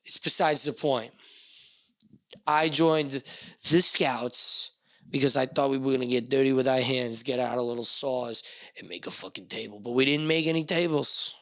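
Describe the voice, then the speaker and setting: A man with a New Jersey accent rambles through a casual solo podcast, swearing and joking as he drifts between topics. His voice sits at an ordinary pitch and sounds dry and close, recorded in a small backyard shed. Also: moderate pace, fairly bright tone, dry recording. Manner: rambling, profane, joking asides. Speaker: podcast host.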